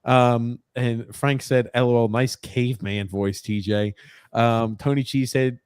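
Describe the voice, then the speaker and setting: A man's voice: mid-range voice, steady tone, unhurried, darkish tone, clear, resonant tone, dry recording, studio quality. A young man hosting a podcast, casually reading viewer comments aloud and laughing often. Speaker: podcast host.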